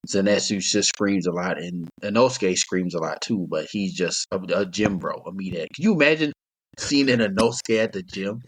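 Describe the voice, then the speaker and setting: A man's voice: low voice, moderate pace. Laid-back young man chatting. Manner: rambling, laid-back, laughs often. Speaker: podcast co-host. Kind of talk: casual chat.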